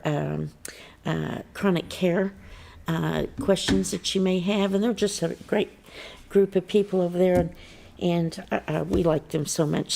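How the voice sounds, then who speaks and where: A woman's voice: on the low side, creaky, a little mellow. A woman hosting a local morning TV show, telling chatty stories, laughing often, and leading a prayer. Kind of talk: casual on-air chat and prayer. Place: local TV studio.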